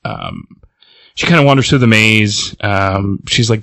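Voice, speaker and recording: A man's voice: on the low side, a little slow, creaky, pushed and bright, no room sound. A man cohosting a podcast, casually recapping a comic plot, rambling with fillers and chuckles.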